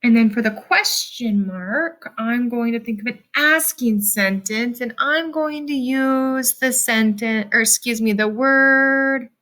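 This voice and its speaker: A woman teacher giving a recorded lesson to children, speaking slowly and clearly with strong emphasis. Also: fairly high pitch, a bit bright.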